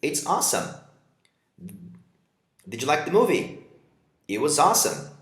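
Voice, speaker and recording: A man teaching an English lesson, Portuguese his first language, his pitch rising and falling a lot as he acts out example lines. The sound is roomy, with a clear echo. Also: big pitch swings, unhurried, a bit bright. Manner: reads example dialogues and explains them, switching to Portuguese for translations. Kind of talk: vocabulary lesson.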